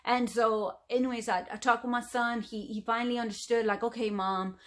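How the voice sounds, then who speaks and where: A woman's voice: a little high, level tone, a little fast. A middle-aged woman from the United States talking casually to camera as a vlogger, rambling with lots of fillers. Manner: chatty, rambling, frequent fillers.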